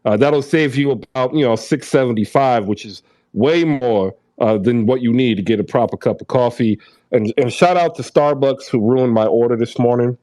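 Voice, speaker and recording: A man's voice: mid-range voice, normal speed, mellow, no echo. A man in his thirties hosting a casual online chat, who laughs easily and rambles loosely through an ad read. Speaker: host.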